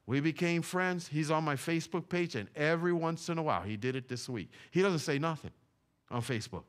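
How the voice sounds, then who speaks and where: A man's voice: on the high side, brisk. A middle-aged man from Puerto Rico, preaching a fervent sermon in a church, repeating his points with emphasis. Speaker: pastor. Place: church sanctuary.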